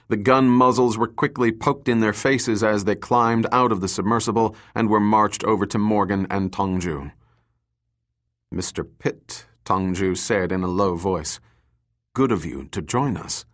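Low-voiced male audiobook narrator. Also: fairly bright tone. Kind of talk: scripted narration.

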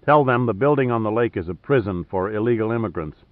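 A man voicing a capable, calm man who gives measured instructions, read in an audiobook. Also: on the low side, dry recording, lightly acted. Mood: urgent, instructive. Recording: tinny phone-like dry sound.

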